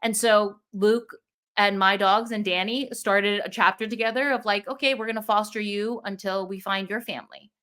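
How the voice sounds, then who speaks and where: A young woman telling a personal story in casual conversation, animated and acting out the thoughts she quotes. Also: mid-range voice, normal speed. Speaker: podcast guest.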